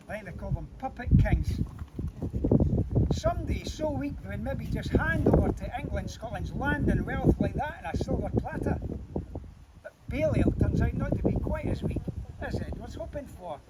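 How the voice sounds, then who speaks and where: A man with a Scottish accent telling a story to a live group outdoors, teasing his listeners with rhetorical questions. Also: very high-pitched. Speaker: storyteller guide. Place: outdoors near a monument. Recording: distant mic with loud wind and traffic noise.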